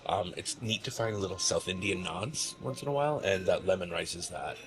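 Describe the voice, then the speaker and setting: A food vlogger with a low voice talks a little fast as he hosts from a restaurant table. His casual food review chat is full of laughter, with background music playing.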